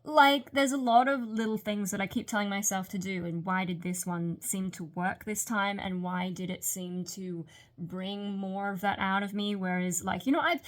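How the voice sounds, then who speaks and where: A woman's voice: mid-range voice, moderate pace. A woman rambling candidly in a late-night vlog monologue, her speech a little hampered by a retainer. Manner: rambling, candid, self-reflective. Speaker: vlogger.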